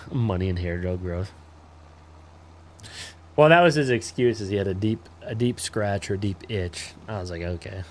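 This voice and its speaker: A man's voice: fairly low pitch, expressive, a little slow, gravelly, fairly bright tone. A man in his twenties, a livestreamer telling a crude story in laid-back, rambling casual chat full of fillers.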